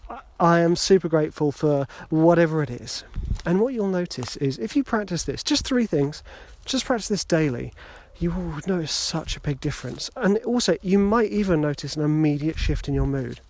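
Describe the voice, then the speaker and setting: This middle-aged podcast host speaks at normal speed in a slightly high, animated voice with a darkish tone. Holding his phone as he walks through a wood, he offers casual motivational talk, poking fun at himself with joking asides.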